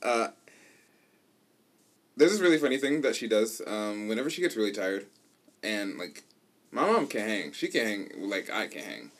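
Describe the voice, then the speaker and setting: A man in his twenties co-hosting a podcast in casual chat, animated and playful, laughing often. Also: fairly low pitch, moderate pace, long pauses. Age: 20s. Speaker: podcast co-host.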